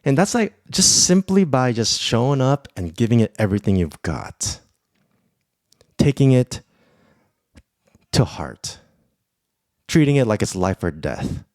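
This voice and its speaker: A man hosting his own podcast in a casual, profane, excitable ramble about his life. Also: mid-range voice, measured pace, long pauses, dry recording, studio quality. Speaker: podcast host. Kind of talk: casual solo podcast monologue.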